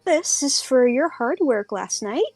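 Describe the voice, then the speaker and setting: A woman voicing a brisk tavern keeper woman who is pushy and exasperated, in a tabletop game. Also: sits high, expressive, a little mellow, dry recording, soft background music, voice pushed up, heavily acted. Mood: insistent.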